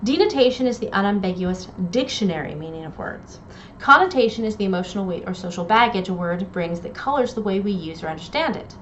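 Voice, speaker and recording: A woman English instructor giving a recorded lecture, explaining terms clearly and reading poems aloud. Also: medium pitch, animated, quick pace, fairly bright tone. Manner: clear explanatory delivery with quoted poem readings. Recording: dull lo-fi audio, faint noise.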